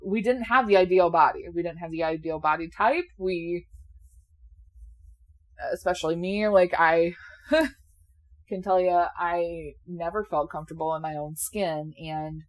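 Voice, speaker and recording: Her voice on the low side, this woman in her late twenties speaks unhurriedly with long pauses, yawning as if a little sleepy. The chat is casual and candid, with plenty of laughter and the odd curse word.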